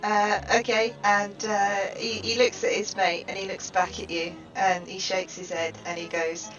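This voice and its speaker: A woman narrating a tabletop game as game master, halting with many fillers. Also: medium pitch, little pitch movement, fairly bright tone. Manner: halting, full of fillers and laughter. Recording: distant dull recording with music.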